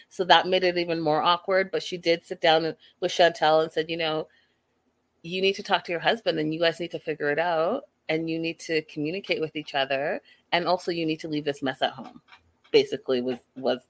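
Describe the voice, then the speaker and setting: A woman's voice: deep voice, no echo. A woman, casually recapping a reality show and giving her opinions as she retells the scenes. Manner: chatty, opinionated, retelling scenes in quoted dialogue.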